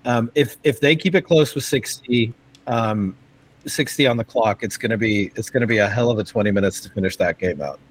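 A man co-hosting a podcast, talking sports in a casual, excited way, halting often with fillers and restarts. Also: fairly low pitch, slightly rough, poor audio. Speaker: podcast co-host.

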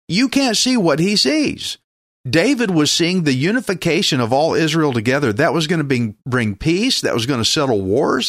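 An earnest male preacher delivering a sermon, his voice swinging widely between hushed low asides and ringing high emphasis. The sound is close and dry, with little room echo.

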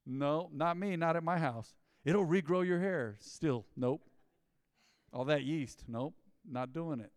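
A man preaches a loose, conversational sermon, slipping into quick impressions of the people in his stories. His voice sits a little high for a man. The close mic keeps it dry, yet a long hall reverb trails after each phrase. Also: smooth. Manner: animated storytelling, mimicking people in quoted asides. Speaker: pastor. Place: church.

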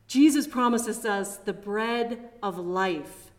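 A woman preaching a sermon at a chapel, measured and reflective, with personal asides. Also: mid-range voice.

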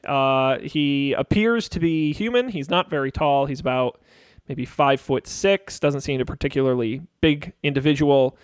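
A man's voice: mid-range voice, moderate pace, clean tone, dry recording, studio quality. A man narrating a tabletop game as game master, hesitant and full of fillers.

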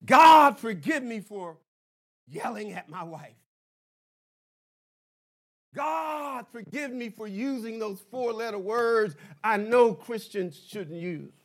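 A male preacher acting out a terrified man hanging from a branch, crying out and begging God in a high, strained voice. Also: animated, slow pace, pauses often, a bit bright, exaggerated voice. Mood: desperate pleading. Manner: shrill desperate pleading. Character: panicked man dangling from a tree branch, pleading.

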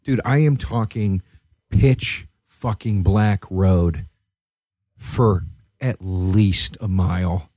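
A man hosting a podcast, telling a rambling, profane story in a casual chat and jumping to a high, excited voice at times. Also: very slow, no echo, clean studio sound. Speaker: podcast host.

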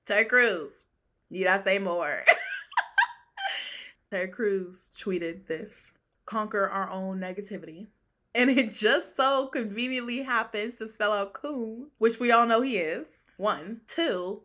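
Woman, podcast host, casual chatter, crisp bright tone, lots of laughs and slang. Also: on the high side, animated, measured pace. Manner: chatty, slangy, laughs often, calls listeners honey. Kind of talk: casual solo pop-culture chat.

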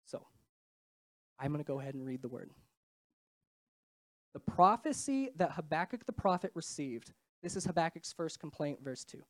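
Young woman, casual sermon, stuffy nasal voice, animated intonation, self-deprecating asides. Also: sits low, moderate pace, long pauses. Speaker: preacher.

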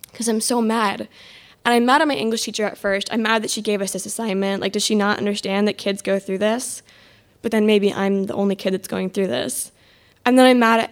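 A teenage girl telling a personal story in an exasperated, sarcastic, self-mocking way. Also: fairly high pitch. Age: mid-teens.

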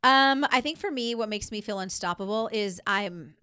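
Playful, bright-voiced woman podcaster. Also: mid-range voice, normal speed, smooth. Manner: joking, playful storyteller. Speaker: podcast co-host. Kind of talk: casual chat.

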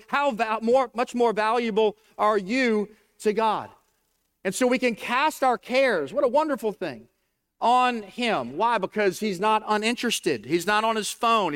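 A man preaching with a high, smooth voice. He reads scripture aloud and swings between soaring emphasis and quieter stretches. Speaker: pastor. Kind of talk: sermon.

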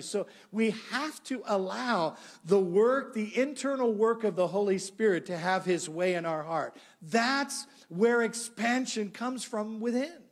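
A middle-aged male pastor preaching a sermon, telling a story and acting out the dialogue. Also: high voice. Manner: animated storyteller, acts out dialogue.

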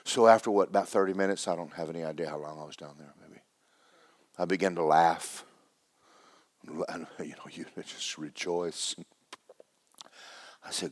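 A low-voiced preacher delivers his sermon with loud, emphatic force, then sinks into a hushed, almost whispered intensity. The man's voice is captured dry and close, with no room sound around it. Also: steady tone, moderate pace, long pauses, no room sound.

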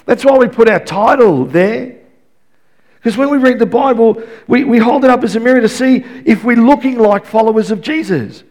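A man with a fairly high voice preaches to his church in a talky, conversational way, doubling words as he goes. He swings from quiet asides up to loud, pressing emphasis. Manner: conversational, repeats words and restarts, rises to loud emphatic passages. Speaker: pastor. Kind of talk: sermon.

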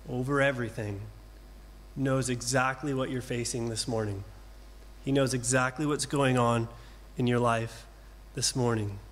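A middle-aged man preaching a sermon to a congregation in a gentle, reassuring way, pausing slowly and repeating key phrases. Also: medium pitch. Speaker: pastor. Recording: long hall reverb.

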